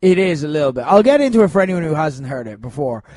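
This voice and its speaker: A man's voice: a little high, big pitch swings, quick pace, a little mellow, no echo. A man co-hosting a casual podcast, rambling and laughing as he tells stories, swearing now and then. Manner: rambling, laughing, profane storytelling. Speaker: podcast co-host.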